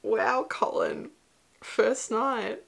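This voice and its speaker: A woman's voice: a little high, huge pitch swings, extremely slow, gravelly, heavy background noise. A young woman hosting a casual movie reaction, chatty and emotional, with whispered asides. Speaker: host.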